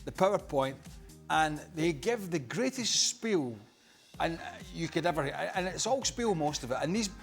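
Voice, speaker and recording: A man's voice: on the high side, lively intonation, moderate pace, gravelly, faint music behind. A man on a football panel, rambling through anecdotes and repeating himself. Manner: rambling, repeats and restarts phrases. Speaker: football pundit. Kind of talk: studio panel chat.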